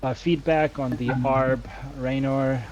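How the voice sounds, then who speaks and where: A man co-commentating a strategy game match, talking in a halting way with frequent hesitations. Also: medium pitch, steady tone, lo-fi sound, very noisy.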